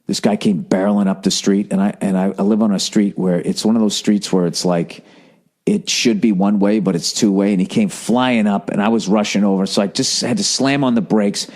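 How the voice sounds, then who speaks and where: A man's voice: fairly low pitch, fairly even intonation, brisk, a little mellow. A man in his forties from the United States, a podcast host and comedian, rambling in a profane, self-mocking monologue. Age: 40s.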